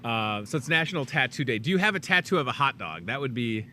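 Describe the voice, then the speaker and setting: A man's voice: medium pitch, very animated, fast, sharp tone, a little hiss or hum. A man from the Chicago suburbs hosting a live talk show, rambling and joking casually. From Chicago suburbs, USA. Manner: rambling and jokey, chatty asides. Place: inside a grocery store.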